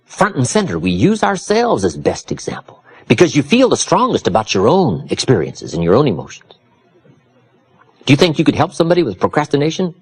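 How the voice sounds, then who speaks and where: Male motivational speaker, husky, very animated pitch, preacherly emphasis. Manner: preacherly, dramatic swings from low confiding to loud emphatic. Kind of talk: motivational seminar talk.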